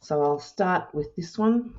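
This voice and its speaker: A woman with a notably low voice talks through a craft project step by step. She is relaxed and chatty, pausing with ums and correcting herself as she goes. The recording sounds a little dull and lo-fi. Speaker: crafting tutorial host. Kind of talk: casual step-by-step demonstration.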